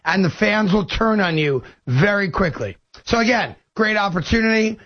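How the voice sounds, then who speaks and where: A high-pitched man speaks in a clip of sports radio commentary, lecturing and driving his points home. The clip sounds a little muffled and lo-fi. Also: expressive, moderate pace. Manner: lecturing, emphatic.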